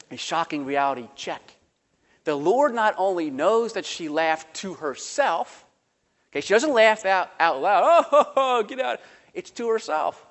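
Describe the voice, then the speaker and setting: A man preaching a sermon, animated and conversational, acting out voices in the quotes he tells. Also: high-pitched, in a large hall. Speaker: pastor.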